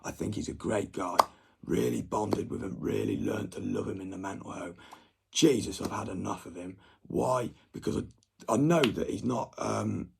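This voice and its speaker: A man's voice: lowish voice, gravelly, noisy background. A young adult man, ranting at viewers in a rambling, sweary monologue. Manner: agitated, sweary rant.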